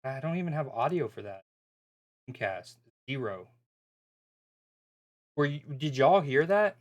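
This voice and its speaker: A man's voice: on the high side, lively intonation, a little fast. A man hosting a live football watchalong stream, talking casually and rambling, often breaking off mid-sentence. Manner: rambling, self-interrupting, bemused.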